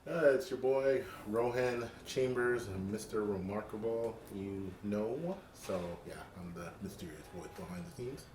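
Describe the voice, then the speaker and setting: A man who runs the sound, talking in a low, smooth put-on radio voice. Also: lively intonation, measured pace, few pauses. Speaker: sound technician. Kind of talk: casual chat. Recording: distant, roomy, with clear hiss.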